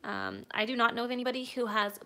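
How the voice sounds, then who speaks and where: A woman's voice: a little high, fairly even intonation, fast talker, sharp tone. A woman hosting a casual live stream from home as a cat breeder, answering viewers' comments, laughing often and cooing baby talk at her cats.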